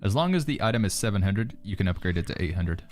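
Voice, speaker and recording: A man's voice: on the low side, quick pace. A man from the United Kingdom with a British accent that leans American, chatting casually on a game livestream, reading out and answering chat. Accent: British, mixed with American. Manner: relaxed, reads chat messages aloud and answers them. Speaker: streamer.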